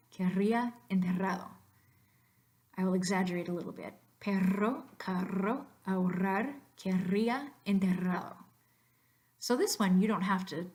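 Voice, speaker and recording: A woman's voice: lowish voice, darkish tone. A woman with an American English accent, teaching Spanish pronunciation in a narrated slideshow lesson and drilling words by repetition.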